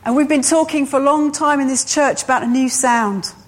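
A woman preaching a sermon to her church, slow and emphatic, driving her points home by repeating phrases. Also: high voice, steady tone, a little hiss or hum.

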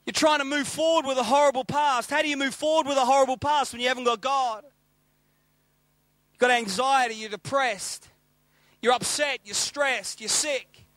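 A middle-aged man preaching with a very high, bright voice. He tells stories in an animated way and hammers home his points by repeating phrases. The sound is dry and close. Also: normal speed, dry recording. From England, raised in Australia. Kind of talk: sermon.

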